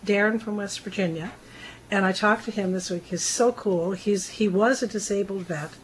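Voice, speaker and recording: A woman's voice: mid-range voice, normal speed, slight background noise, rough recording. A woman co-hosting a health talk radio show, chatty as she reads listener stories and emails. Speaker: radio co-host.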